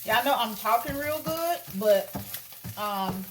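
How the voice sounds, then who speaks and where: A young woman in braces chatting casually to her viewers while she cooks at home, talking straight to them with drawn-out asides. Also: fairly high pitch, expressive, slight background noise. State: wearing new braces, teeth clanging. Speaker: vlogger. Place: home kitchen. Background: food sizzling in a pan.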